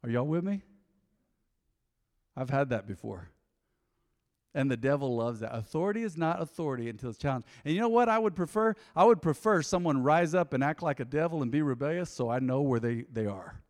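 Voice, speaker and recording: Animated preacher in echoey church. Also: male voice, mid-range voice, a little fast. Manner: animated preaching, swinging from loud to hushed asides. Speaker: pastor. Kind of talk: sermon. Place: church hall.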